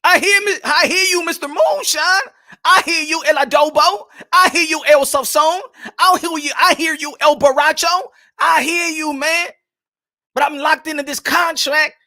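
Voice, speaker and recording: Whiny frustrated young fighter, high pleading voice, done by a man. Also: normal speed, bright, forceful tone, full character voice. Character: young male boxer pleading, frustrated, stuck in contract.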